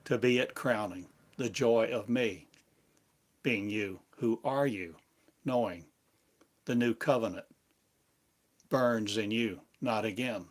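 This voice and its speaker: A man giving a slow, meditative sermon in halting, repetitive phrases, like an incantation. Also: lowish voice, a bit bright. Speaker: spiritual teacher.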